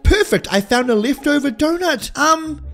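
Young guy hosting a roleplay game, super lively, gasps a lot, some music behind. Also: very high voice, normal speed. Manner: excitable, gasping, addresses viewers as family. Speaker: gaming channel host. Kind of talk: let's-play role-play commentary.

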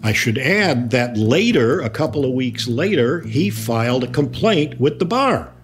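A middle-aged man, a lawyer, recalling events in an interview, telling it with animated storytelling and heated re-enactment. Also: mid-range voice, measured pace, soft background music. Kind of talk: interview recollection.

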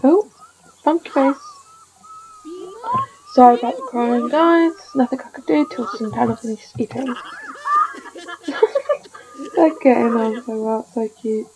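A woman's voice: a little high, normal speed, noisy background. Chatty woman fussing over her game. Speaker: gaming video creator. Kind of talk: casual gameplay commentary.

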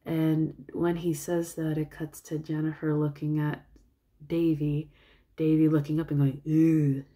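Low, mellow woman rambling through a story. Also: level tone, a little slow. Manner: rambling, with fillers and soft asides. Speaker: vlogger. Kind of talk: casual storytelling, retelling a film.

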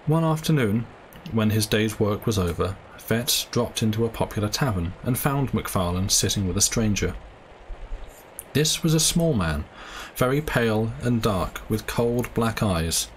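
A man reading a classic short story aloud in a steady storytelling manner. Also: lowish voice, unhurried, slight background noise, poor audio. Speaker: audiobook reader.

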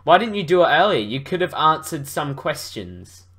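A man's voice: a little high, big pitch swings, normal speed, a bit bright. Man reading as a hotheaded young hero. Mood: alarmed.

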